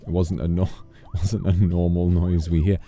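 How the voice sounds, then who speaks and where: A man's voice: low voice, level tone, moderate pace, warm tone, soft background music. A male streamer chatting casually and playfully, bursting into mock-outraged rants and snatches of song. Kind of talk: casual live-stream chat.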